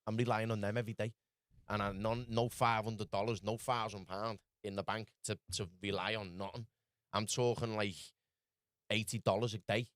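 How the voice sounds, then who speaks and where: A man with a Scouse accent telling his story rapidly in casual podcast chat, peppered with lad and bro. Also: lowish voice, flat delivery, a bit bright, dry recording, studio quality. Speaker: podcast guest.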